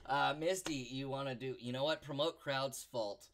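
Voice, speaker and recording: A man hosting a live stream in a mid-pitched voice, chatting and joking with his co-host. He talks casually to viewers, loose and playful. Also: normal speed, very noisy.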